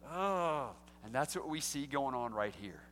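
A man preaching an expository sermon, swinging between hushed, slow passages and loud, emphatic lines. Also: mid-range voice, big pitch swings, slight background noise. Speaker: pastor. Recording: long hall reverb.

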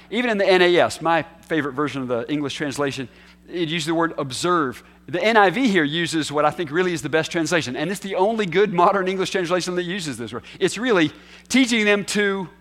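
A man preaching a sermon as pastor, earnest, moving from quiet asides to emphatic declarations. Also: fairly high pitch. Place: church hall.

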